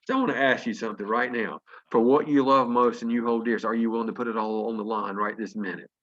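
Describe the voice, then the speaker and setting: A Southern man in his fifties from North Carolina tells earnest, folksy motivational stories over a video call. His medium-pitched voice is steady, fast, and a bit bright, though the highs are cut off.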